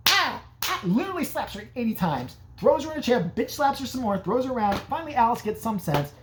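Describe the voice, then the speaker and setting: A woman's voice: on the high side, big pitch swings, fast, noisy background. A woman giving a sarcastic, profane, casual recap of an old movie. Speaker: movie reviewer.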